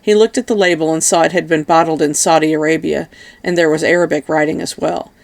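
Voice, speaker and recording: A woman reading an audiobook in a steady, even narration. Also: low voice, fast talker, creaky. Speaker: audiobook reader.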